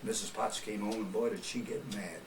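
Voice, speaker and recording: Older man, ex-radio host, folksy anecdotes, low voice, echoey room, distant mic. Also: fairly even intonation, brisk. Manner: folksy storyteller, chuckles often. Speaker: retired radio personality. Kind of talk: oral history interview. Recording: roomy, distant mic with background noise.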